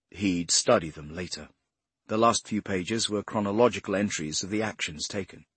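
A male narrator reads a crime novel with a husky voice and a lively, wide-ranging pitch. The reading is measured and expressive, recorded close and dry. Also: dry recording. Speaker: audiobook narrator.

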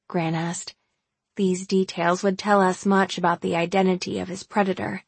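A woman narrating a first-person novel in a wry, steady way. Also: lowish voice, moderate pace, gravelly, slightly rough, no room sound. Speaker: audiobook narrator.

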